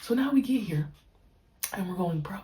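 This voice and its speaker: A young woman hosting a podcast, talking casually and reflectively in slang and stretching key words out slowly. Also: medium pitch, animated, dark tone. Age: young adult. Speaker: podcast host, pro basketball player.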